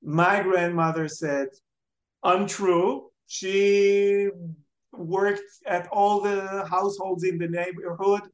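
A memoir author from Israel, telling animated family anecdotes thoughtfully in an interview, with frequent hesitations. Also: medium pitch, slow pace, echoey room. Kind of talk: reflective storytelling in an interview.

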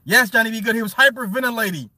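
A man's voice: very high-pitched, rapid-fire, bright, forceful tone. A man streaming live and reading chat messages, talking casually in blunt, profane banter with frequent laughs, repeating words for emphasis.

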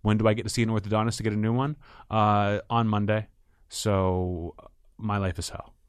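Dry sarcastic man with a low voice. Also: flat delivery, normal speed, clear, resonant tone, no room sound. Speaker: podcast co-host, comedian. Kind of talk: casual chat.

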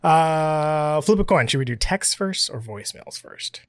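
A man's voice: a little high, lively intonation, measured pace, no echo, studio quality. A man co-hosting a casual podcast, playful and rambling, laughing easily. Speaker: podcast co-host.

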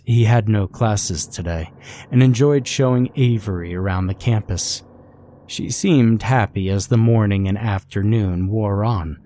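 A man reading a scripted horror story aloud in a slow, measured way. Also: on the low side, dark tone, slight background noise. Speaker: narrator.

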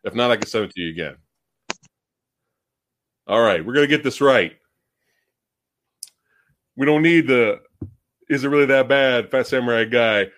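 A man's voice: medium pitch, moderate pace, long pauses, a bit bright. A man in his forties hosting a casual livestream, talking to chat and laughing often, on a headset mic. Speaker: host. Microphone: headphones or earbuds mic.

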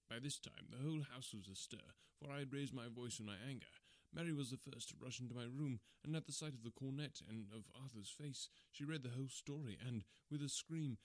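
A man reading a classic detective story aloud in a measured, formal storytelling manner. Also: medium pitch, no room sound. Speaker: audiobook narrator.

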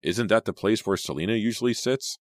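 A man voicing a suspicious teenage boy in an audiobook, speaking in a measured, pointed way. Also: fairly low pitch, dry recording, clean studio sound, voice pushed up, natural voice. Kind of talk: audiobook character voice.

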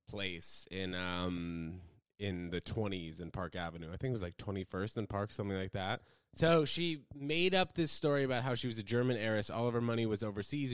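Animated young American man chatting. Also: clear, resonant tone, no echo, clean studio sound. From United States. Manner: animated, swings between loud outbursts and low mumbles. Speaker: livestreamer. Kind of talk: casual rambling livestream chat.

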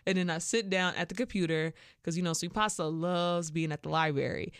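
A young woman from Chicago with a Chicago accent, hosting a podcast and telling a story in a casual, animated way, acting out what people said. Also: fairly low pitch, brisk, no echo, clean studio sound. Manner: animated, acts out quoted voices with laughs. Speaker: podcast host.

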